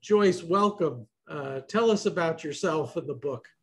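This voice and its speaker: A man's voice: on the high side, lively intonation, a little slow. A man hosting a casual roundtable over a video call, loose and joking. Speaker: host.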